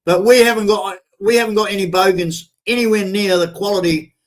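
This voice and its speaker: A man's voice: sits high, steady tone, a little fast, rough recording. An older Australian man with an Australian accent, hosting a live stream and ranting bluntly with profanity, often stumbling and restarting his words. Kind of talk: ranting commentary.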